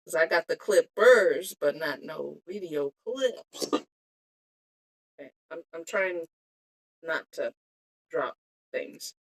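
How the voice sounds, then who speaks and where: A woman's voice: low-pitched, lively intonation, slow, pauses often. A woman chatting casually to her live-stream viewers while making bead earrings on her phone, giggling and trailing off as she talks to herself. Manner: giggly, self-talking, trails off mid-sentence. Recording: cellphone live-stream audio.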